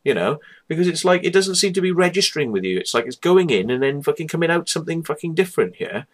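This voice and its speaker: A man telling a story to camera in a sweary, animated monologue from a small room at home. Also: a little high, fast. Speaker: vlogger. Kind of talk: casual ranting monologue.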